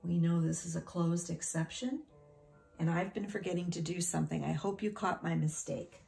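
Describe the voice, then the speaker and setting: A woman teacher leads a phonics lesson for young children, sounding out each word part with slow, unhurried care. Her voice sits low, mellow and noticeably gravelly. Now and then she slips into a whisper. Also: faint music behind.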